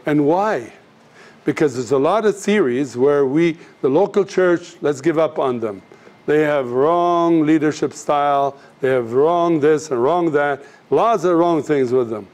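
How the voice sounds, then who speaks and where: In front of his students, a missions teacher tells stories earnestly and directly, voicing the characters as he goes. His pitch is fairly high, his delivery measured, and his tone on the dark side.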